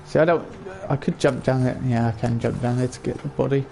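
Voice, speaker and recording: Brief: male streamer, gravelly voice, mid pitch, loose chatty game commentary. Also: steady tone, fairly quick, mellow, slight background noise. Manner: chatty, chuckles often, talks to chat. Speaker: gaming streamer. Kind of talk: casual let's-play commentary.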